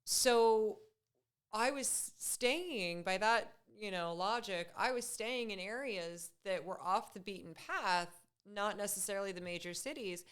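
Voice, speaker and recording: A woman guest in a casual podcast conversation, chatty and quick to laugh. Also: medium pitch, a bit bright, smooth.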